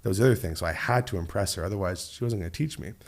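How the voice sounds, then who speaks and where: A man with a somewhat low voice spins animated stories as a guest in a studio conversation. He slips into the voices of the people he quotes, keeping the talk casual and lively. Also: rapid-fire. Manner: animated storyteller who acts out quoted voices. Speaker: musician guest. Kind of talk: casual storytelling interview.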